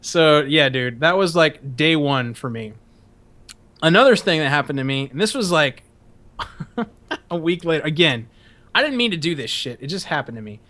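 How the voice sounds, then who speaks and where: Bright-voiced swearing podcast host. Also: male voice, on the high side, animated, normal speed, long pauses. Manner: profane, laughs often, rambling. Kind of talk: casual storytelling.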